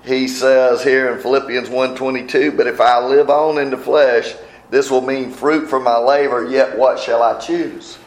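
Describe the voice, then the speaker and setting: A man preaching a sermon in a conversational way, asking the listeners questions and reading scripture aloud slowly. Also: mid-range voice, steady tone. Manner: conversational, asks the congregation questions. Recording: echoey room.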